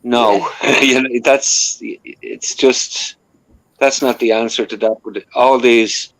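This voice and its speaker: A man of ordinary middle pitch, talking in a halting way full of fillers and restarts during a casual chat. The sound is dry and close, with no room around it. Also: fairly even intonation, a bit bright, no room sound, rough recording.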